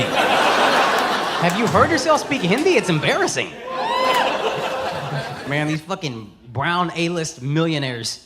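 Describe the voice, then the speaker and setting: A man in his thirties doing stand-up comedy, loud, brash and profane, shouting his punchlines. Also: sits high, expressive, moderate pace, pauses often, heavy background noise. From United States. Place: large theater on stage. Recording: live stage recording with loud crowd laughter. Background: loud audience laughter.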